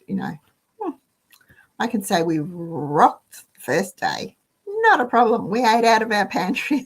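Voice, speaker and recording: A woman's voice: medium pitch, slightly rough. An Australian woman hosting a casual chat, telling rambling everyday stories with asides to the listener. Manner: chatty, rambling storytelling with asides. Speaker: host.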